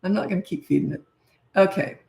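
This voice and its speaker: A woman's voice: fairly low pitch, fast, creaky, mellow, recorded from a distance. Blunt middle-aged woman, echoey and off-mic. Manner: blunt and frank, chatty with restarts. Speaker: parenting coach. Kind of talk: live Q&A answering viewer questions.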